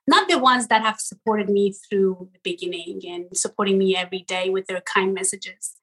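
Husky bright Persian-accented woman, laughing often. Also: mid-range voice, low-quality recording. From Iran. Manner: animated, laughs often, searches for words. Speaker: guest, content creator. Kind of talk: casual interview chat.

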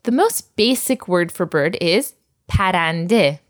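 A woman's voice: lowish voice, animated, takes it slowly. A woman teaching vocabulary to a learner, patient and encouraging, often laughing. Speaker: language teacher.

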